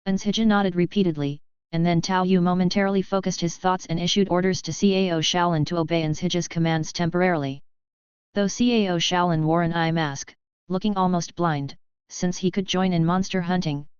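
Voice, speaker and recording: A woman reading a web novel aloud as an audiobook narrator, in an even, measured way. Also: on the low side, clean tone, no echo, dull audio.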